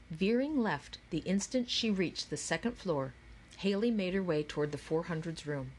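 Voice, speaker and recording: Woman, audiobook narrator, lowish voice, clear steady delivery. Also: slight background noise. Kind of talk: scripted narration.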